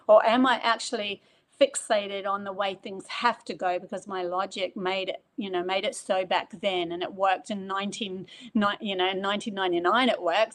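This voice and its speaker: A woman, a guest telling a spiritual story in conversation and acting out quoted remarks with big jumps in pitch.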